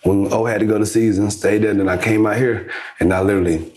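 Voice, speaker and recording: A young man telling a story casually as a podcast guest, lively, acting out the back-and-forth he describes. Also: on the low side, quick pace, roomy sound, slight background noise. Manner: animated storyteller acting out quoted exchanges. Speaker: podcast guest, basketball influencer.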